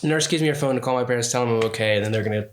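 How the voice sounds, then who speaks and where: Guy on a podcast telling a story, animated, acts out everyone, swears a lot. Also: medium pitch, rapid-fire, a little hiss or hum. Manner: animated storytelling, acting out what others said, frequent swearing. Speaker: podcast co-host. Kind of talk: casual podcast chat.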